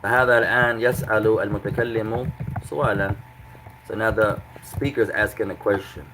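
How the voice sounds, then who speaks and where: A man's voice: fairly low pitch, fairly even intonation, very fast, sharp tone, a little hiss or hum, low-quality recording. A man teaching Arabic in a class, patiently repeating each translation several ways and breaking the grammar into small steps. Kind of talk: classroom lesson.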